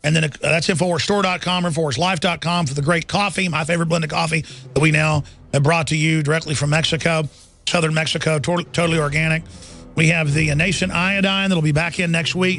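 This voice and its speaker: A man's voice: a little high, fairly even intonation, a little fast, fairly bright tone, soft background music. A middle-aged man hosting a talk radio show, delivering an urgent, ranting monologue full of "uh" fillers. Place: radio studio.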